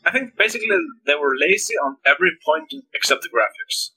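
A man with a sharp, bright, tense voice and a husky edge chats on a gaming podcast. He speaks haltingly, filling pauses as he works out his thoughts. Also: a little high, very animated, low-quality recording. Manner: hesitant, halting, many fillers. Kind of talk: casual chat.

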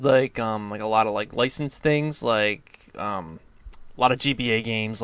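Male co-host, excitable, rambling with fillers, smooth tone, dry dull recording. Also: medium pitch, no echo. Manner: enthusiastic, lots of likes and ums. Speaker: podcast co-host. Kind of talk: casual podcast chat. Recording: dry, slightly dull mic sound.

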